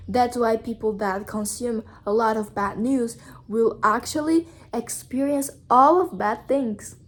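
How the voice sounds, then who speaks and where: A woman from Brazil with a Brazilian accent, giving motivational advice to camera in an earnest, repetitive, casual way. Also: a little high. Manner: earnest, repetitive, simple phrasing. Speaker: vlogger.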